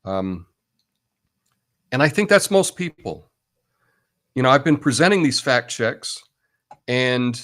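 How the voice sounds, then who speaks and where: A man's voice: mid-range voice, expressive, measured pace, pauses often. A man hosting a live talk show in a casual, blunt monologue, tagging his points with "right?" and laughing at his own asides. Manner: chatty and blunt, tags lines with "right?". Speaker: host.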